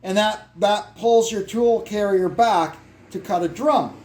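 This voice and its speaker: A man whose voice sits high and a little mellow gives relaxed workshop instructions for a brake lathe repair in his garage. He stops and starts with fillers while thinking aloud and working, recorded on a nearby propped-up phone.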